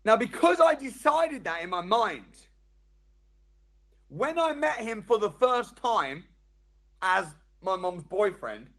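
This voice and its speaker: A man's voice: high-pitched, slow. A man speaking to a live seminar audience, addressing them directly with questions and acting out the inner voices he describes. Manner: animated, acts out quoted inner voices. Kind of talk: live motivational seminar talk.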